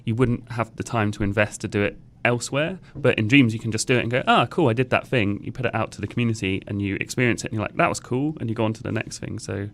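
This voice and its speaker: Male dev guest, lowish voice, lively anecdotes. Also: a little hiss or hum. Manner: animated storyteller, laughs easily. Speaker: game developer guest. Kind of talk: casual chat.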